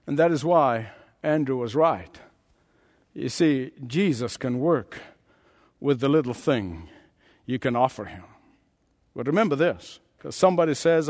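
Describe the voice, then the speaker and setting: A male pastor preaches with a high-pitched voice, swinging from booming lines to hushed ones. His words carry with a long reverb, as in a large hall. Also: animated, unhurried, pauses often. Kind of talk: sermon.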